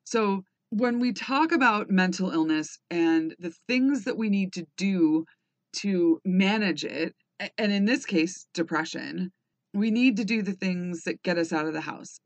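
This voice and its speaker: A woman's voice: on the low side, unhurried, no echo. A woman in her thirties or forties hosting a personal podcast, talking candidly, swearing freely and rambling with restarts. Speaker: podcast host.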